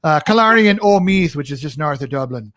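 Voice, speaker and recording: An easygoing male host chats with his guest, stumbling over restarts and laughing along. His voice sits a bit high for a man. The sound is dry and close, with no room echo. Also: animated, fairly quick, fairly bright tone. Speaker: talk show host. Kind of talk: casual interview chat.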